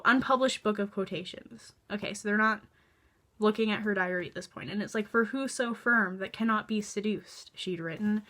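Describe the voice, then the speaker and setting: A young woman in her early twenties talks through a book in a casual vlog review. Her voice is bright and a little high. She is sarcastic, exasperated and chatty, with lots of filler words and the odd curse. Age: young adult.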